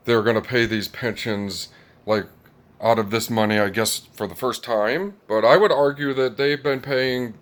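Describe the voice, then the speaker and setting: Brief: rambling male commentator, mid pitch, casual and chuckly. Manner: rambling, chuckling, many fillers. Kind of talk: casual monologue.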